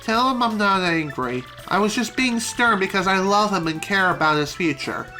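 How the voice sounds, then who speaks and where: Woman voicing a mother bomb creature, genteel, gently tearful, bright tone, game character. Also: medium pitch, expressive, normal speed, faint music behind. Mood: tender.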